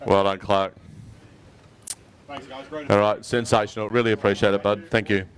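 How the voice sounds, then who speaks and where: A man's voice: fairly low pitch, flat delivery, moderate pace. An Australian man emceeing a live prize presentation at an outdoor weigh-in, upbeat and matey as he calls up each winner. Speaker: tournament emcee.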